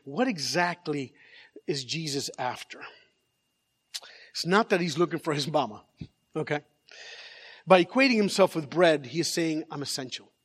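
Animated high-voiced pastor preaching. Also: male voice, a little slow, long pauses, husky, in a large hall. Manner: animated storyteller, repeats words, jokes with the congregation. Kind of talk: sermon. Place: large church.

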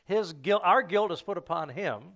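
A man preaching a sermon, teaching from scripture in an unhurried way with frequent fillers and restarts. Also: high voice, lively intonation, a bit bright.

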